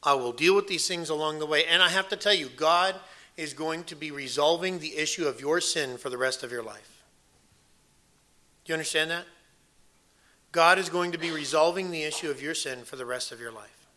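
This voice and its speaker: A man's voice: on the high side, moderate pace, bright, forceful tone. A man preaching an earnest sermon, emphatic and repeating phrases for weight. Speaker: pastor.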